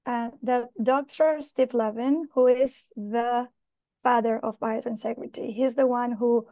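Woman, high voice, dry close sound, video call, emotional, apologetic. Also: steady tone, unhurried, dark tone, no room sound. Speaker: presenter. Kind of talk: online conference talk.

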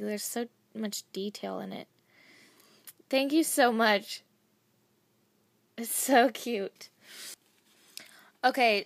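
Slow, gushing young woman vlogger. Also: medium pitch, dry recording. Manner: gushing, breathy bursts of excitement. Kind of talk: casual unboxing chat.

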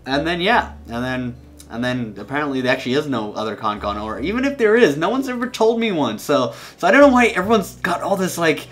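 A man's voice: fairly high pitch, big pitch swings, brisk, faint music behind. A young man hosting a gaming channel, chatting loosely over his gameplay in a playful, rambling way that often restarts and repeats words. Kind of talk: casual gameplay commentary.

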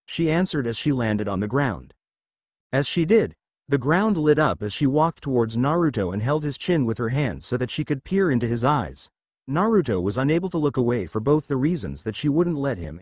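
A man's voice: mid-range voice, very animated, normal speed, darkish tone, dry recording. A man reading a fan fiction story aloud as narrator.

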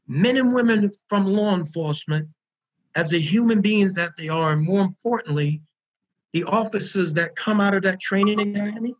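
Husky, high-voiced earnest storyteller, man. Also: highs cut off. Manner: earnest, animated storyteller who repeats words for emphasis. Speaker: founder of a prisoner reentry program. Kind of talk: storytelling in an online panel interview.

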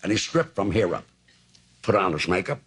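A man in his nineties, a talk show guest telling anecdotes in a dry, deadpan way on an old TV broadcast tape. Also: sits low, moderate pace. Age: 90s. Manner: dry, deadpan storyteller with gravelly voice. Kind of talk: anecdotal storytelling.

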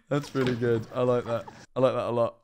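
A male streamer reacting to clips in a loose, chatty way. He laughs easily and swears freely, and his voice sits at a middling pitch. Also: animated, normal speed, a little hiss or hum. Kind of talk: casual reaction commentary.

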